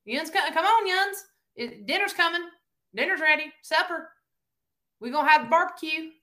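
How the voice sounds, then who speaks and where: A woman voicing a chatty Tennessee neighbor calling folks to supper, in a high twangy drawl. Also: animated, normal speed, bright, forceful tone, heavily acted. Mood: hollering, cheerful. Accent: Tennessee Southern.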